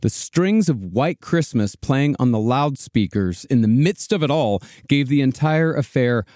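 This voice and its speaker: A man's voice: mid-range voice, animated, measured pace, darkish tone, no echo, clean studio sound. A man hosting a history podcast, narrating a story steadily with some hesitant fillers. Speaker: podcast host telling history.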